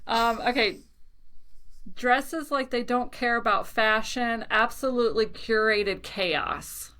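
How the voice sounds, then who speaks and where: A woman's voice: fairly high pitch, takes it slowly, bright, forceful tone. A woman from Arizona co-hosting a podcast, chatting candidly and swearing now and then as she reads out traits. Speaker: podcast co-host. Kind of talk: casual chat.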